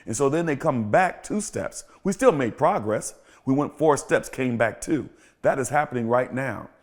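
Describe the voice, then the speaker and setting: A man's voice: medium pitch, expressive, moderate pace. A middle-aged man, a pastor and podcast host, giving emphatic, sermon-like commentary and repeating phrases for rhythm. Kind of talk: preaching-style commentary.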